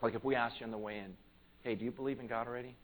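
A pastor preaching a conversational sermon in church, earnest and plain-spoken, swelling to emphatic peaks. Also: male voice, medium pitch, steady tone, racing, slight background noise, low-quality recording.

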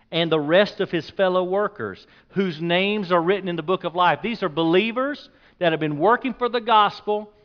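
A man preaching a sermon as pastor, emphatic, repeating key points and dropping his voice low on the words he stresses. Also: lo-fi sound.

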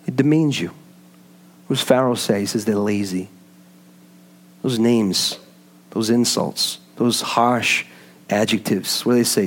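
A man preaching a sermon, swinging from low hushed lines to high impassioned calls, with repeated rhetorical questions to the congregation. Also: moderate pace, long pauses, husky.

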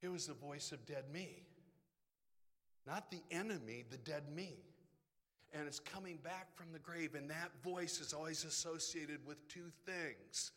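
A man preaching a sermon as a pastor, emphatic, swinging between loud declarations and hushed asides. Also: fairly high pitch, measured pace. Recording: long reverb hall.

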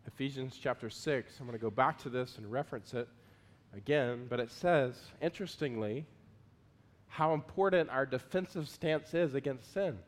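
A man preaching a sermon as pastor, earnest, moving between loud pleading prayers and quiet asides. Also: medium pitch, moderate pace. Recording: long hall reverb.

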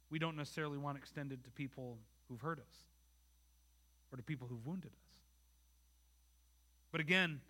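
A man preaches in a high, piercingly bright voice. He sounds earnest and conversational, and he keeps putting rhetorical questions to his congregation. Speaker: pastor. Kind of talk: conversational sermon.

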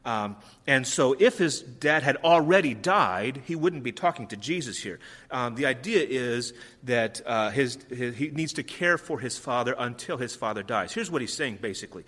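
A man's voice: mid-range voice, expressive, normal speed, fairly bright tone. A middle-aged man preaching a sermon as pastor, conversational with frequent ums, acting out quoted lines. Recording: long reverb of a large hall.

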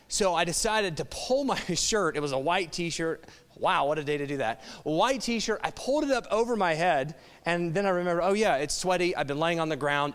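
A man's voice: a little high, fairly bright tone, smooth. A middle-aged man, a pastor, telling a wry, self-mocking story in a sermon. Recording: long hall reverb.

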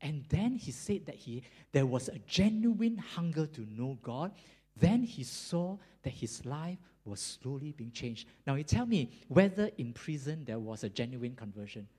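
A preacher telling a conversion story in a sermon, animated, with dramatic pauses and chuckles. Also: mid-range voice, slightly rough.

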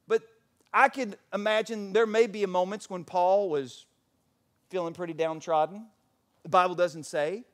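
A middle-aged male pastor preaching with a slightly raised pitch. He builds to fervent, almost shouted peaks, then drops to hushed, personal storytelling. He acts out the voices of the people he quotes. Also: fairly even intonation, a little slow. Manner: swings between impassioned near-shouting and quiet, intimate storytelling; acts out voices when quoting others. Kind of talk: sermon.

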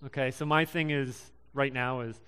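A young man in his twenties giving a casual sermon, halting and full of ums and restarts. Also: mid-range voice, fairly even intonation, sharp tone, smooth. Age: young adult. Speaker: preacher.

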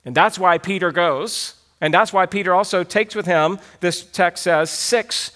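A man's voice: high voice, unhurried, bright, forceful tone. A man preaching a sermon, reading scripture aloud and explaining it with emphasis. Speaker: pastor.

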